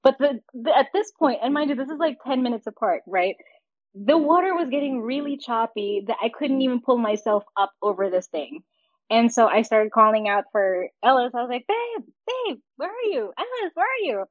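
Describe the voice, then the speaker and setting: A woman's voice: on the high side, brisk, dry recording, phone-quality sound. A woman co-hosting a casual podcast, telling a story with frequent laughs and acting out the lines she quotes.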